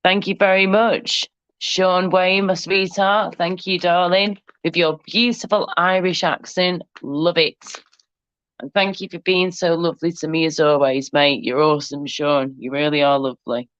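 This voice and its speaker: A woman's voice: fairly low pitch, steady tone, measured pace, fairly bright tone, clear, resonant tone, dry recording, highs cut off. A woman co-hosting a livestream in casual chat, teasing guests and calling everyone darling and love. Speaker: livestream co-host.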